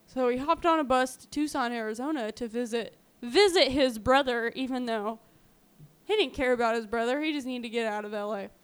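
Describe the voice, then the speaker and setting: A woman's voice: on the high side, brisk, clean tone. A woman co-hosting a podcast, casually retelling a true-crime story with lots of fillers. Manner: chatty, lots of "um" and "like", acts out quotes. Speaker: podcast co-host.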